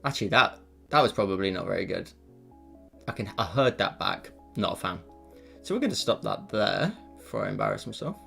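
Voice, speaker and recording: A man's voice: on the low side, big pitch swings, fairly quick, creaky, pushed and bright, faint music behind. A man chatting casually on a live stream while he draws, rambling with self-deprecating asides into a desk mic. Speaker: live-streaming digital artist.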